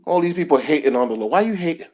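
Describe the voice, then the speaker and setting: A man's voice: fairly high pitch, expressive, rapid-fire, darkish tone. A middle-aged man ranting in casual commentary, emphatic and slangy, repeating his points. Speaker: commentary channel host. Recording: dull lo-fi recording.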